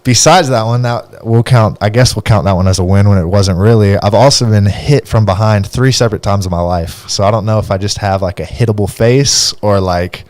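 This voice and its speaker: A man's voice: lowish voice, a little fast, few pauses, a little mellow, no echo. A young man, a podcast host, telling a story in a casual way and laughing often as he goes.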